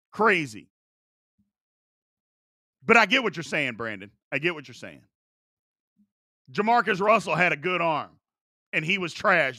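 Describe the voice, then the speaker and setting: Animated, bright-voiced man in his forties. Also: high voice, dry recording, studio quality. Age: 40s. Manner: animated, chatty, reads viewer questions aloud. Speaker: sports talk show host. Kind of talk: live-streamed sports talk.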